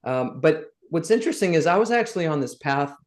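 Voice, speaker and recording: A middle-aged man from the South, guesting on a podcast and telling his stories in a lively, animated way. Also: a little high, a little fast. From Southern United States. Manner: lively anecdotes, acts out the people he quotes. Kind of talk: animated storytelling.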